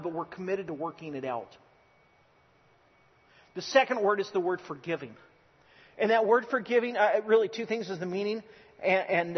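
A man's voice: sits high, husky. A male pastor preaching a sermon in a church, earnest and emphatic, often restarting his words. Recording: dull lo-fi recording with long hall reverb.

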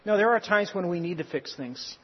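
A man's voice: sits high, expressive, a little fast, a little hiss or hum. A man preaching a sermon in an earnest, exhorting way with joking asides. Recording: reverberant hall, dull lo-fi sound.

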